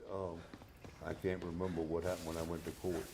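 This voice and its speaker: A man's voice: deep voice, level tone, fairly quick. A man answering deposition questions with terse, plain answers. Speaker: witness. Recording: echoey room, clear background noise.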